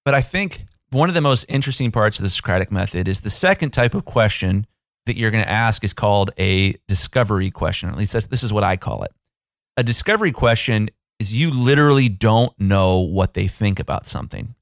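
A man in his thirties with a lowish voice talks through a casual podcast episode as a business coach. He is chatty and self-deprecating, and he tosses in quick asides. The recording is dry and close, with no room sound. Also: expressive, dry recording.

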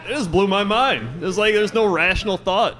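A man's voice: high-pitched, a little fast, fairly bright tone, a faint crowd. A man co-hosting a live podcast, telling rambling, laughing anecdotes and acting out the people in them. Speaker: podcast co-host. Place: live venue stage.

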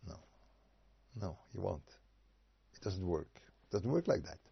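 A man giving an informal Torah lecture, animated and rhetorical, sometimes acting out voices. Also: deep voice, a little slow, gravelly, slightly rough. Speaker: rabbi giving a Torah talk. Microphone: video call. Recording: dull lo-fi video call audio.

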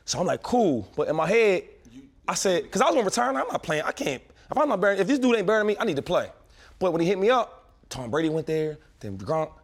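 Here a man in his thirties spins a story in loose, slangy chat, rattling along very quickly and doubling back mid-sentence. His voice sits a little high for a man. He sounds like a former pro athlete holding court among friends. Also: big pitch swings. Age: 30s. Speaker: former pro football player telling stories. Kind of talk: casual podcast chat.

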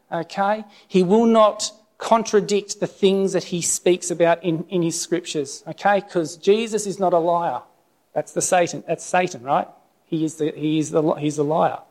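A man's voice: high voice, darkish tone. A middle-aged man preaching an informal sermon, telling a personal testimony in a conversational way and tagging his lines with "okay?". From Australia.

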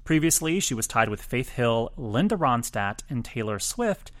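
A man co-hosting a music podcast, talking through chart news in a chatty, self-deprecating way with quick asides. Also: mid-range voice, sing-song, fairly bright tone. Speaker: podcast co-host, chart reporter. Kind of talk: casual chart chat.

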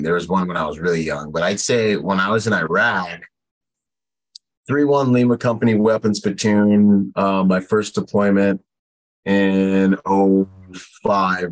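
Husky-voiced man telling a war story. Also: sits low, rough recording. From United States. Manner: rambling war story with many fillers and acted quotes. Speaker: podcast guest. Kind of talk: casual storytelling.

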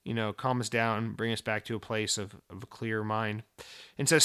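A man's voice: mid-range voice, fairly quick, a bit bright. A man hosting a podcast, reading listener mail and answering with profane, jokey rants of mock outrage. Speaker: podcast host.

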